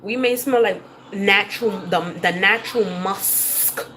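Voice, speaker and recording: A woman talks straight to her livestream chat in a blunt, profane rant, laughing now and then. Her voice sits at an ordinary middle pitch. Steady background noise runs under her throughout. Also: a little slow.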